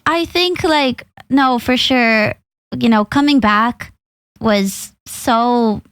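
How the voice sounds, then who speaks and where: A woman's voice: on the high side, slow, a bit bright, smooth, no echo. A woman co-hosting a podcast, chatting casually in a playful, giggly, rambling way. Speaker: podcast co-host. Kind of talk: casual chat.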